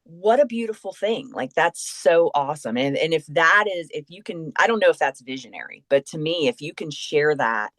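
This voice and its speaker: A woman guest on a podcast, chatting casually about faith and telling a story in a lively way, acting out the voices of the people she quotes. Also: low voice, normal speed, hardly any pauses, no room sound.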